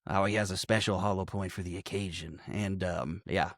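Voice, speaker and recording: A man's voice: low voice, steady tone, moderate pace, a bit bright, no room sound. Laughing man recapping a movie, dry sound. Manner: profane, laughs often, acts out quotes. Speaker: podcast co-host. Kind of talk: casual movie-recap chat.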